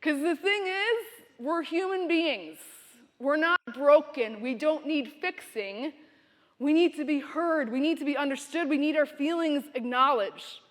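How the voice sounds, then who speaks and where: Female keynote speaker, expressive motivational storyteller, high voice, reverberant hall. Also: a little slow. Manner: storytelling, expressive, direct to audience. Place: university conference venue.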